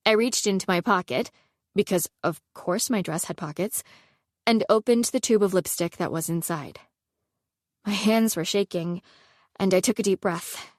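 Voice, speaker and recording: A young adult woman narrating a first-person audiobook with expressive storytelling. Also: medium pitch, dry recording, studio quality. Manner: expressive storytelling, voicing characters.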